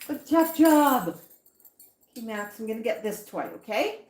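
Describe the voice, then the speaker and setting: A woman cooing at her pet birds in a high, lively voice that swoops up and down. She talks slowly and dotes on them. The room is echoey, with clear noise behind her. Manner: doting, baby-talk to birds. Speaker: pet parrot owner. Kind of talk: casual talk to pet birds.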